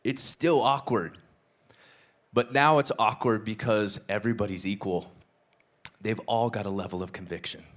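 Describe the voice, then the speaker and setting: A man preaching a sermon, retelling a parable with lively acted-out dialogue and casual asides. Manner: animated storytelling, acts out dialogue with shifting pitch. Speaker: pastor.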